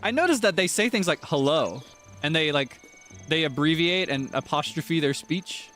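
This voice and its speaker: A man's voice: on the high side, expressive, moderate pace, sharp tone, faint music behind. Chatty, giggly male game streamer. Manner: chatty, self-deprecating, giggly. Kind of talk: casual gameplay commentary.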